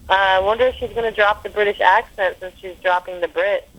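A woman's voice: mid-range voice, a bit bright, poor audio. Slangy woman chatting with "like" fillers. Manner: loose, slangy, heavy use of "like". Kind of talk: casual chat.

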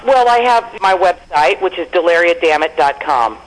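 A woman in her forties, a comedian guest telling stories in a brash, profane, animated way during a casual interview. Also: lowish voice, normal speed, low-quality recording.

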